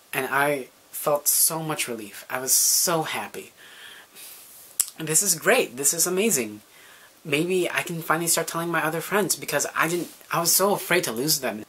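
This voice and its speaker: A man's voice: a little high, sharp tone, husky. A young man telling a personal story to camera in a chatty, casual way, full of fillers and little acted-out quotes. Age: young adult. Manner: chatty, lots of fillers, acts out quoted voices. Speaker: vlogger.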